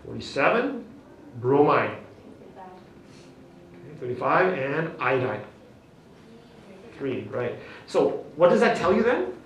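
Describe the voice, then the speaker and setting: A man's voice: medium pitch, sing-song, takes it slowly, long pauses, a little hiss or hum. A male teacher leading a classroom lesson, upbeat and coaxing, constantly checking in with "okay?" and "right?". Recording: very echoey classroom, distant mic.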